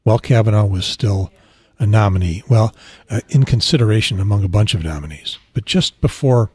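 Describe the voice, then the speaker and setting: A man hosting a casual solo podcast, talking in a quiet, rambling way that often corrects itself. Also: fairly low pitch, brisk, slightly rough, no echo. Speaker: podcast host. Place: outdoors on a beach trip.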